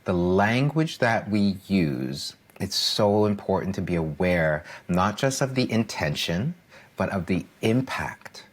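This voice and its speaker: A man's voice: low-pitched, expressive, takes it slowly. A man speaking as a coach on a podcast, emphatic and earnest, repeating key phrases and often asking "right?" to draw agreement.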